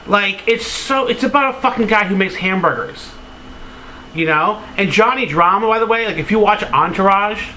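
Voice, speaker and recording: Male vlogger, high bright voice, rambling and filler-heavy, openly sentimental, casual cursing. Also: a little hiss or hum, rough recording. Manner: open, sentimental storytelling. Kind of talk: casual to-camera vlog.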